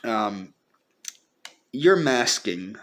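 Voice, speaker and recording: A man speaking a personal video message to the camera, earnest and pleading, halting and repeating himself as he holds back tears. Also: fairly low pitch, big pitch swings. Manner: halting and repetitive, restarting sentences. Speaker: vlogger.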